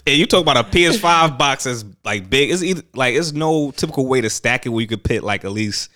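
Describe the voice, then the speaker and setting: A man's voice: medium pitch, expressive, fast talker, pushed and bright, no echo. A young man co-hosting a casual chat, talking in laid-back slang and acting out quotes.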